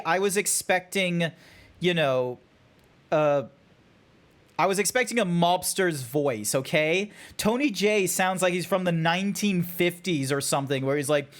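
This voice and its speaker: An Australian man chatting on a gaming livestream, easygoing and quick to laugh. He drops casual swears and talks at an unhurried pace. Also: on the high side. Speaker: streamer.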